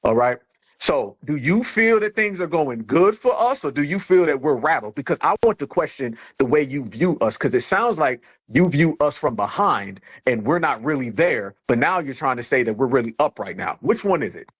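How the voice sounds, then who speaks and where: A man's voice: mid-range voice, very animated, moderate pace, husky. A man hosting a live online discussion, talking in a preachy, rallying way and calling listeners family. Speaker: host of a live audio chat room.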